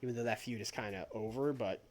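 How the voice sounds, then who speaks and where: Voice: medium pitch, fast, darkish tone. A streamer thinking aloud while playing a wrestling booking game, laughing often and changing plans mid-sentence. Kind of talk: casual live-stream chat. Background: faint background music.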